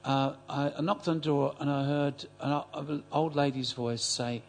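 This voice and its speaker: Older man recounting an anecdote to a class; halting, animated, slightly high-pitched. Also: slight background noise. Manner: halting, repeats words, animated. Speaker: class attendee. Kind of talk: storytelling in a group class.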